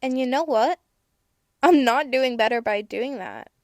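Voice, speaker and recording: A teenage girl hosting a podcast, giving candid, chatty advice with casual swearing and bursts of excitement. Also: high voice, unhurried, dry recording, studio quality. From United States. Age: teens. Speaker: podcast host.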